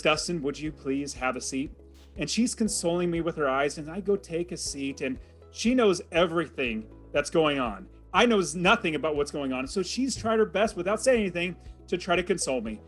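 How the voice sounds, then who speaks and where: A man's voice: on the high side, lively intonation, normal speed, soft background music. Man telling a dramatic story. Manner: vivid, dramatic retelling with acted quotes. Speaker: podcast guest telling his story. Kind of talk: animated personal storytelling.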